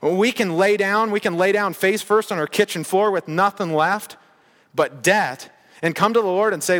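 A man's voice: sits high, moderate pace, fairly bright tone, in a large hall. A man preaching a sermon in a casual, conversational way, with bursts of emphasis. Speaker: pastor.

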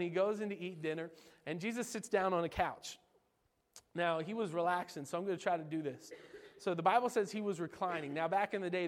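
A man delivers a casual, joking sermon, throwing questions at his listeners. His voice sits a little high for a man. A long reverb trails his words around the hall. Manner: animated, jokey, asks the audience questions. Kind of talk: informal sermon.

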